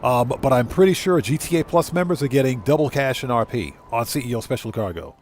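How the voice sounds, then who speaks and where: Male game streamer, relaxed rambling live commentary, mid-pitched. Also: fast talker, slight background noise. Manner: rambling, easygoing, many fillers and self-corrections. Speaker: GTA streamer and content creator. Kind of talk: live gameplay commentary, reading chat.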